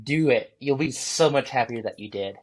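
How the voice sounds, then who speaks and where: A man, a guest on an interview show, telling his story candidly and profanely, acting out his own thoughts in lively bursts. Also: mid-range voice, moderate pace.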